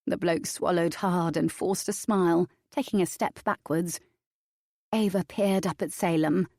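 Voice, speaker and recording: A woman narrating an audiobook in the first person, with steady, even storytelling. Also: fairly low pitch, measured pace, no room sound, studio quality.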